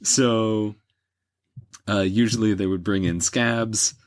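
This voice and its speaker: Male podcast host, deep voice, dry booth sound, loose rambling explainer. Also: steady tone, slow pace, no echo. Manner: rambling, many fillers and restarts. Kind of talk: casual history podcast chat.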